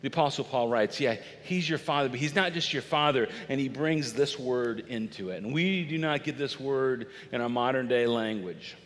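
A middle-aged man preaching a sermon in a lively, conversational way, acting out little bits of dialogue. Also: mid-range voice, normal speed, hardly any pauses. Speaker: pastor. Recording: long reverb of a large hall.

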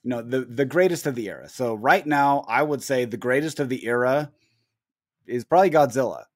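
A man co-hosting a podcast in casual chat, talking in a measured, reflective way with halting phrases. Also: medium pitch, no echo, studio quality. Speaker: podcast co-host.

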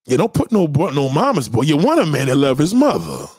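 A man with a high, very lively voice rants to his livestream chat, blunt and full of profanity. He repeats his points again and again for emphasis. The sound is dry and close, with no room around it. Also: fairly quick, breathy edge, no room sound. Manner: blunt, profane, animated ranting. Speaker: livestream host reacting to chat. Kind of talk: unscripted livestream commentary.

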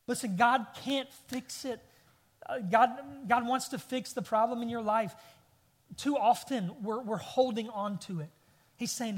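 Under long hall reverb, a man in his thirties with an extremely high-pitched voice preaches at normal speed. The pastor relates a family story, building to rising bursts of emphasis.

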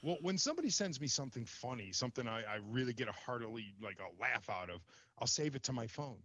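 A man telling an embarrassing story in casual chat, animated and exasperated, swearing casually. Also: mid-range voice, quick pace, no room sound, highs cut off.

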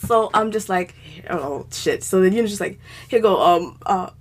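A woman co-hosting a podcast, telling a profane story in casual chat and getting more animated and loud. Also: medium pitch, moderate pace. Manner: animated, profane, rising to shouting as she relives anger.

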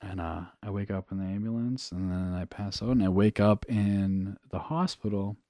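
Low-voiced, profane man telling his story. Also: fairly even intonation, dark tone, dry recording, studio quality. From New Hampshire. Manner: casual and profane, halting with fillers. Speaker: guest. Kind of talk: candid personal storytelling.

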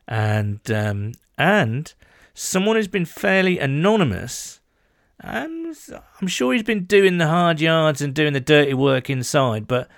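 A man's voice: on the high side, very animated, slow, gravelly, dry recording, studio quality. A man co-hosting a casual sports podcast, chatty and enthusiastic with self-deprecating asides. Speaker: podcast co-host.

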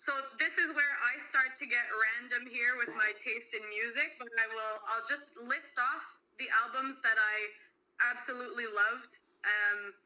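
A woman's voice: fairly high pitch, moderate pace, pushed and bright, poor audio. A young woman co-hosting a podcast, chatting casually and enthusiastically about albums, with lots of "like" fillers. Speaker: podcast co-host. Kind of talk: casual music chat.

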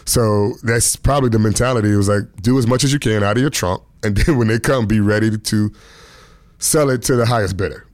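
Chill comedian guy from dc, kinda low voice, laughs a lot, dry close sound. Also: fairly quick, no echo. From Washington, D.C. area. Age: 30s to 40s. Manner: laid-back, chuckling often, loose slang. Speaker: stand-up comedian guest. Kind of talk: casual interview storytelling.

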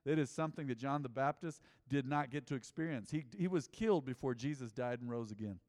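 A man preaching a sermon, telling a personal story with lively acted-out quotes and shifts between loud and quiet delivery. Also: medium pitch, brisk. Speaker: pastor. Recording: long hall reverb.

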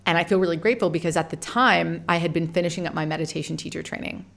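A woman in her thirties hosting a podcast, telling a personal story in a frank, animated way, swearing casually and laughing often. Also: on the low side, racing, vocal fry. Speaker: podcast host and meditation teacher.

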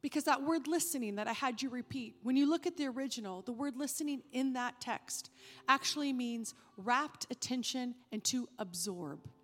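A woman preacher delivering a sermon, emphatic, rising when animated and dropping soft to stress a point. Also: high-pitched, normal speed. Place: church sanctuary. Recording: reverberant hall with faint music.

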